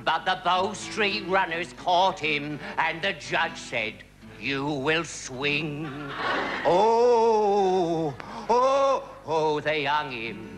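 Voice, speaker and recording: Man doing a bawdy rustic balladeer, slow drawl, mock-grand, for a radio comedy song. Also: a little high, expressive, pitched above the performer's own voice. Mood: sung, comic. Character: rustic male folk singer, mock-solemn and bawdy. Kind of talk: comic folk song on radio. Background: music.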